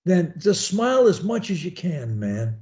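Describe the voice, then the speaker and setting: A man's voice: sits high, very animated, unhurried, dark tone. A man coaching a student one-on-one over a video call, talking in a folksy, rambling, encouraging way. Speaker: speech coach.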